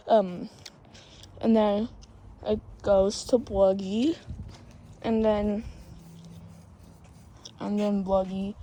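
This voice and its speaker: A woman's voice: mid-range voice, level tone, extremely slow, long pauses, dark tone, a little hiss or hum, poor audio. A woman rambling casually through a story, restarting often and acting out the quotes. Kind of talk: casual plot retelling.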